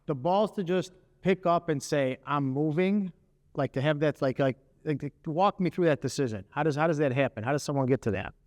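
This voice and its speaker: A man's voice: fairly high pitch, brisk, a little mellow, dry recording, in a large hall. Earnest, probing male interviewer. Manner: probing, earnest questioner, stumbles for words. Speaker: host. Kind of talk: conversational interview.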